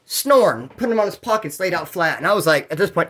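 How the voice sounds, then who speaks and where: A man telling prison stories in a casual, animated way, swearing often and acting out other people's voices. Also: high-pitched, fast, husky. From California. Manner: animated, profane, acts out quoted voices. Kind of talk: casual storytelling.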